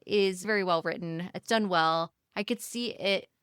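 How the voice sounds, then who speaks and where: Woman podcast co-host, lively book-chat retelling, bright crisp voice, pitched a bit low. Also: normal speed, dry recording, studio quality. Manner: animated retelling with acted-out character lines. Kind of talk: casual book discussion.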